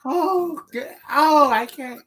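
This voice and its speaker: A woman's voice: high-pitched, takes it slowly. A woman co-hosting a casual live stream, blunt and sweary, who laughs often.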